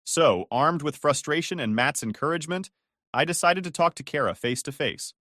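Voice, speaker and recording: A man's voice: on the high side, fairly quick, no echo, studio quality. A man narrating a first-person family drama story, acting out the voices. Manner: expressive, acts out dialogue.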